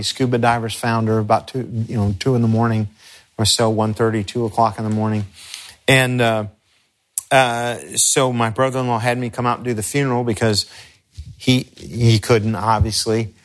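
Middle-aged male pastor instructor, mid-pitched, earnest and conversational, often restarts phrases. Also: level tone, moderate pace. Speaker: pastor teaching crisis care. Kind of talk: instructional talk with personal stories.

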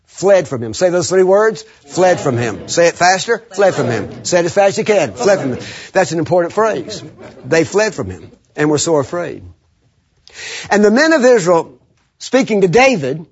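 A man preaching a sermon, animated and laughing often, leading the congregation in call-and-response. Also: high voice, moderate pace. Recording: muffled lo-fi sermon recording.

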